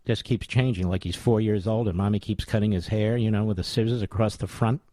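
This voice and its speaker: A man's voice: on the low side, steady tone, a little fast, warm tone, no room sound. A man in his sixties hosting a radio talk show, giving combative, sarcastic political commentary full of rhetorical questions. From United States. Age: 60s.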